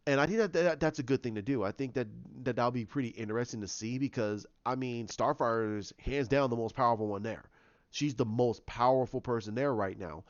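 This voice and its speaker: A man's voice: medium pitch, fairly quick, no echo, dull audio. Rambling man reviewing a TV episode. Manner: rambling, with many restarts and fillers. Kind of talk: casual spoken review.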